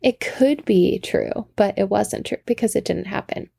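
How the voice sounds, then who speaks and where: A woman's voice: mid-range voice, measured pace, gravelly, warm tone, husky, dry recording, studio quality. A woman in her thirties, a podcast host, telling a rambling casual story and interrupting herself with asides. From Washington state.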